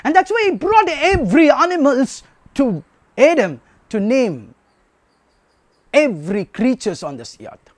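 A man delivering a sermon in a high voice that swings widely in pitch. He speaks slowly and leans on repetition and rhetorical questions. The sound is close and dry. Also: very animated, no room sound. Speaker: preacher.

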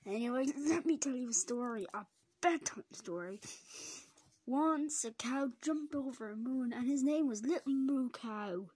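A woman's voice: high voice, measured pace, a little mellow, breathy edge, dry recording. A woman voicing a cheerful, boastful cow who pushes his way in as a houseguest.

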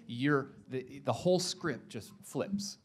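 Young guy pastor doing a chatty jokey sermon at church, mid pitch, stumbles and restarts a lot. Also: animated, slow, husky. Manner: joking, chatty storytelling with lots of restarts. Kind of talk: casual sermon.

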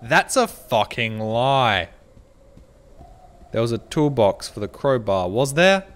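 A man streaming a game, swearing and shouting at his chat while he plays. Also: a little high, measured pace. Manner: excitable, swears a lot, yells at chat. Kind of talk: live gameplay commentary.

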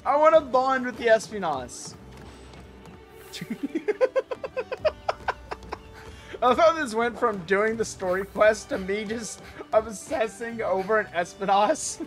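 A woman streamer giving excitable, chatty live gameplay commentary, breaking into mock-outraged rants. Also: a little high, takes it slowly, long pauses. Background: game music.

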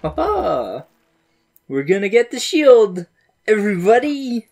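A woman doing let's play commentary on a video game, excitable and giggly, often reading game lines aloud. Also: mid-range voice, takes it slowly, faint music behind. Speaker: gaming video host.

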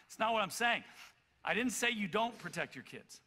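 Male pastor with a high, bright voice, animated storytelling sermon in a reverberant church hall. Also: moderate pace. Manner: animated, loud acted-out storytelling with many stammered restarts. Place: church auditorium.

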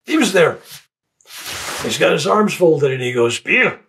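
An older man with a gravelly, fry-edged voice recounts his own extraordinary experience in a plain, unhurried way. He stumbles and repeats small words as he reaches for what he means, then carries on with the story. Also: on the high side, lively intonation, a bit bright, a little hiss or hum, low-quality recording. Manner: halting, repeats words when searching for them. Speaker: interviewee. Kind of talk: personal storytelling.

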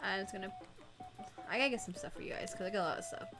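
A woman's voice: medium pitch, very fast, over music. A young woman co-hosting a gaming livestream, chatting casually and giggling as she greets viewers by name. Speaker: livestream co-host. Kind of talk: casual gaming stream chat.

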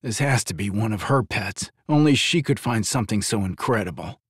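A tired father of dragon blood, as a male narrator plays him, muttering and groaning in a heavy, lowered voice. His tone stays exasperated, recorded close and dry. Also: expressive, a little fast, slightly rough, dry recording. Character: weary adult male dragon-shifter father.

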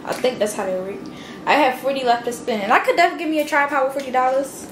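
Young woman vlogger, chatty and slangy with loose cursing, voice a touch high, faint background ambience. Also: rapid-fire, a little hiss or hum. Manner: chatty, slangy, curses freely. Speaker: vlogger and small business owner. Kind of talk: casual vlog chat.

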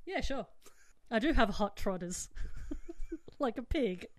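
A woman's voice: fairly high pitch, animated, slow pace, no echo. Giggly woman hosting a podcast. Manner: giggly, playful and chatty. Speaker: podcast host. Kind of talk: casual chat.

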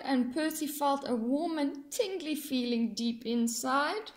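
A woman reading a rhyming children's picture book aloud in an expressive, sing-song way. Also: high voice, takes it slowly, few pauses. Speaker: storyteller.

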